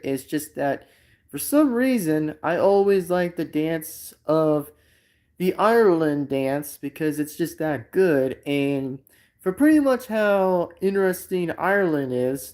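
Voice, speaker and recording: A man's voice: on the high side, a little mellow. Rambling man on a live stream. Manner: rambling and repetitive, full of filler phrases. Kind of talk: unscripted live stream chat.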